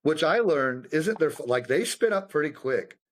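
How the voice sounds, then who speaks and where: A young adult man, a combat veteran guest, telling war stories in a loose, profane, animated way, acting out the people he quotes. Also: fairly high pitch, moderate pace. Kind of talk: casual storytelling conversation.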